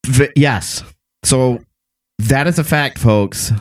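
A man co-hosting a comedy podcast, teasing and bantering quickly. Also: mid-range voice, dry recording. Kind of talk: casual comedic podcast chat.

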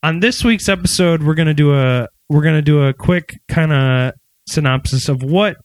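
A man co-hosting a casual comedy podcast, explaining segments in a relaxed, rambling way. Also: on the high side, moderate pace, slight background noise, poor audio. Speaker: podcast co-host.

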